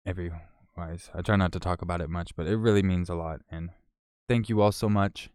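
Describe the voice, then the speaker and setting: Low, smooth-voiced male streamer, casual. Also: fairly even intonation, a little fast, darkish tone, no room sound, clean studio sound. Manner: laid-back, swears, laughs while reading out donors. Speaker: live streamer. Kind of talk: casual live-stream chat.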